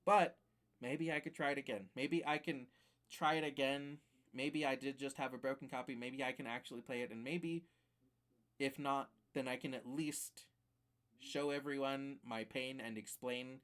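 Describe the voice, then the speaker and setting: A man's voice: medium pitch, steady tone, moderate pace, a bit bright. A man streaming live, ranting casually and profanely about games that beat him, rambling with fillers.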